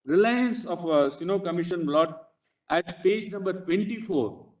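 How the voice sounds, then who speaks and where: An Indian English-accented man argues before a court bench in a slightly raised voice. His phrasing is halting and insistent, nearly every clause punctuated with a respectful "Lord". He sounds echoey and roomy, as if picked up by a distant microphone in a courtroom. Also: sits high. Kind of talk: courtroom legal argument.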